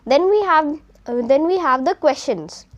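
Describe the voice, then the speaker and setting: A young woman with an Indian accent talks through a beginner French exercise like a patient teacher. Her voice sits high, and she explains each point step by step, slipping between Hindi and English as she goes. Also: animated, a little slow, muffled recording. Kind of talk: explaining a textbook lesson.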